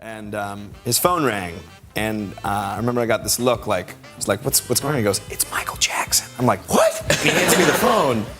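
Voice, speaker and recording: A young man, a talk-show guest, telling an excited, rambling anecdote with bursts of laughter. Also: fairly low pitch, brisk, soft background music. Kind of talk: emotional anecdote.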